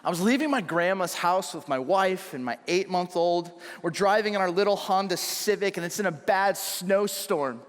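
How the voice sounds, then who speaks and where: A man in his thirties preaching a sermon, acting out his own story with lively shouts and hushed asides. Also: sits high, normal speed, hardly any pauses. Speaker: pastor. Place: large church hall. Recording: long church hall reverb.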